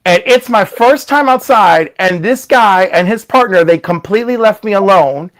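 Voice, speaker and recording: Animated male storyteller. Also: high voice, normal speed, poor audio. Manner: animated, acts out voices in his stories. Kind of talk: casual storytelling chat.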